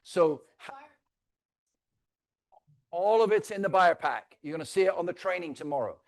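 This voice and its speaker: A man leading a live real estate training, teasing the audience and swinging between loud and soft. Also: high voice, lively intonation, moderate pace. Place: stage before a live audience.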